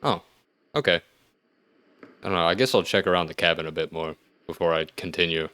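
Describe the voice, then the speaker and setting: Male gamer host, deep voice, casual play-by-play with wry asides. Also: a little fast, clear, resonant tone, no room sound. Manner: thinks aloud, wry asides, sudden excited outbursts. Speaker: gaming video host. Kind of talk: let's-play commentary.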